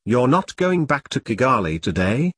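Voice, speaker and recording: A man's voice: mid-range voice, very animated, normal speed, a bit bright, husky, dry recording. A man voicing an earnest, direct woman army lieutenant nurse in an audiobook.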